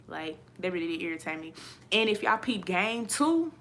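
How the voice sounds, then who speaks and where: A woman ranting to her viewers in a casual vlog, blunt and profane, animated and quick to laugh. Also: fairly low pitch, slight background noise. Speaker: vlogger.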